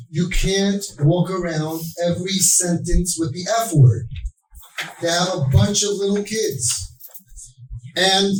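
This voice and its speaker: Man telling a story in an echoey hall. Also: on the high side. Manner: animated storytelling with acted-out quotes and joking asides. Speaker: parenting speaker. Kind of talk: storytelling talk to an audience. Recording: roomy hall, mic at a distance.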